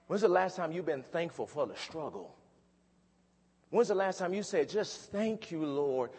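Raspy-voiced preacher man in a reverberant hall. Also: mid-range voice. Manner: preaching with rising fervor, drawn-out scripture reading. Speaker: pastor. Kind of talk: sermon.

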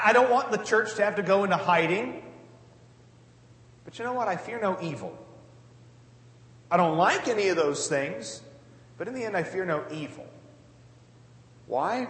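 A man's voice: high voice, a bit bright. A man preaching a sermon in an earnest, conversational way, with many casual asides. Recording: echoey hall with long reverb.

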